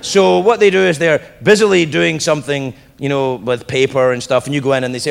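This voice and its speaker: A man doing stand-up storytelling in front of a live audience, profane and animated, acting out the other people in his stories. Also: a little high, brisk, gravelly, few pauses, clear, resonant tone. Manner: profane, animated, acts out voices. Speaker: stand-up comedian. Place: live comedy venue with audience. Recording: echoey live room with crowd and noise.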